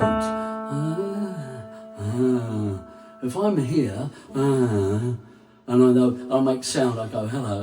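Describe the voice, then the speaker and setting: A man teaching singing to camera as a vocal coach, talking in an unhurried, emphatic way and breaking into sung vowels and scat syllables to demonstrate. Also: mid-range voice, mellow, recorded from a distance. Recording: roomy, off-mic sound with faint music.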